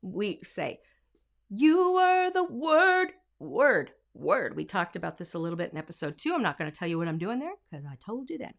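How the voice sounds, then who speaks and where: A woman's voice: fairly low pitch, lively intonation, fast, vocal fry, hardly any pauses. A woman vocal coach giving a singing lesson, explaining technique and breaking into short sung and spoken examples.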